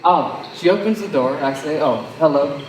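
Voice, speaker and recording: A teenage boy playing a wordy, sardonic young man in a high school stage play, talking in a theatrical way. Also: normal speed, natural voice. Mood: storytelling. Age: teens. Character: fast-talking self-assured young man courting. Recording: roomy, distant mic, faint noise.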